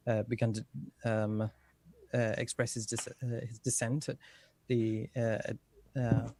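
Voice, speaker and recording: A man playing a tabletop game, speaking haltingly with many fillers and restarts. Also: mid-range voice, little pitch movement, a little mellow, a little hiss or hum. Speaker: player.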